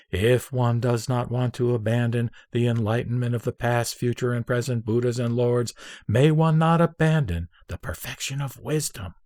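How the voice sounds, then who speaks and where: A man reading an old Buddhist scripture aloud in a measured, solemn recitation, pacing out long lists phrase by phrase. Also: medium pitch, a little mellow, no echo, studio quality.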